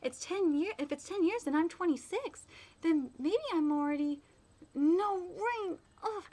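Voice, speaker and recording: A woman's voice: very high voice, expressive, unhurried, mellow, pitched above the performer's own voice. A woman reading manga aloud as a shy, lovestruck young woman, stammering nervously. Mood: flustered.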